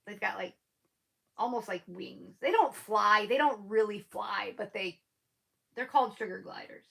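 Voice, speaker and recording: A woman's voice: medium pitch, creaky, a bit bright, rough recording. A woman with a noticeable lisp hosting a live stream, chatting casually and rambling with her viewers, laughing often.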